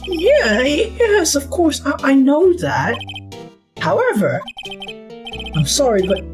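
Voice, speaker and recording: A woman's voice: very animated, over music, heavily acted. A woman playing a pompous old male lawyer. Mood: evasive. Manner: theatrical, drawn-out, swooping pitch. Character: pompous older male lawyer, evasive and grand. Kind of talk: game dialogue read aloud.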